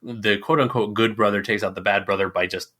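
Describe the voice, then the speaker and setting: A man co-hosting a casual movie podcast, talking in a lively way and acting out lines from films as he recalls them. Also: fairly low pitch, brisk. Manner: lively, acts out quotes from films. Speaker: podcast co-host.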